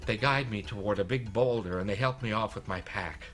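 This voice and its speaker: An actor playing a self-mocking, out-of-shape husband, telling a story in a wry, self-deprecating comic monologue, with music behind. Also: male voice, fairly low pitch, brisk, lightly acted. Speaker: film character narrating a monologue.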